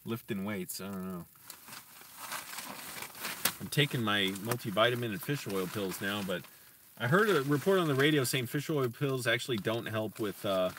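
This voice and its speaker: A man teaching himself Spanish on a casual stream, slowly sounding out words and correcting himself, with chatty asides to viewers. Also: mid-range voice, fairly bright tone, distant mic, slight background noise. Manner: slow deliberate sounding-out of words, self-correcting. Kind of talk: casual live-stream language practice.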